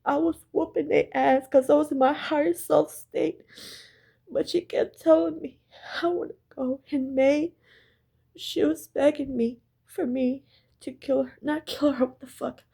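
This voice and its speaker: A woman with a high, gravelly, dark-toned voice tells a spiritual story straight to her viewers in a casual story-time monologue. Her tone stays steady and her pace a little slow, yet she is intense and emphatic, repeating herself and swearing.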